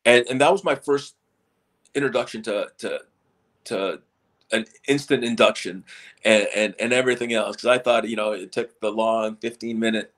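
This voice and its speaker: A man's voice: fairly low pitch, fairly even intonation, normal speed, a bit bright. A middle-aged man, a stage hypnotist, telling stories in a casual interview and often repeating and restarting his words.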